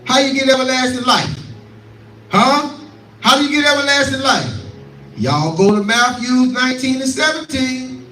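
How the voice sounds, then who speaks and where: A man's voice: extremely high pitch, normal speed, pauses often, pushed and bright, faint music behind. A man preaching a scripture teaching, repeating lines and calling out to his listeners. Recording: echoey room, voice from far off.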